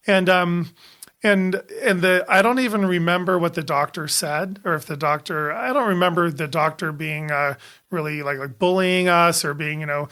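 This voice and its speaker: A man in his fifties, a doctor co-hosting a podcast, telling a personal story in a halting way with many pauses and restarts. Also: on the high side, bright, forceful tone.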